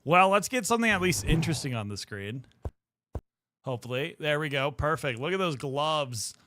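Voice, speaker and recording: Lively bright-voiced young man streaming. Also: fairly high pitch, moderate pace, slight background noise. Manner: playful, chatty, talks to chat. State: mildly out of breath. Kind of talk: casual livestream chat.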